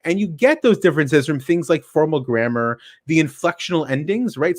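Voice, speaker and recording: Man, tech meetup speaker, explanatory talk, lively sweeping pitch, slightly higher voice. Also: fairly quick, few pauses, no echo, studio quality. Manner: animated, works through examples with rhetorical questions.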